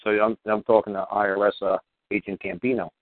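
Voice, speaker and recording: A man's voice: lowish voice, little pitch movement, a little fast, no room sound. A man hosting a call-in radio show, talking in a blunt, profane, rambling and emphatic way, over a tinny phone-like line with dry sound.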